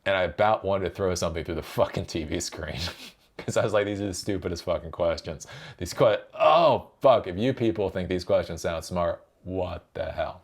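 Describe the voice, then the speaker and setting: Deep-voiced and moderately paced, this tech commentary host delivers a sarcastic, profane rant. He keeps circling back over the same points with a rhetorical "right?".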